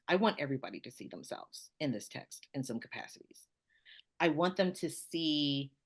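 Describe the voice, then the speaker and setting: Southern American woman, low-pitched, lively storyteller, interview guest. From Southern United States. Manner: animated, laughing, storytelling. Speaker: author being interviewed. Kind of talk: conversational interview.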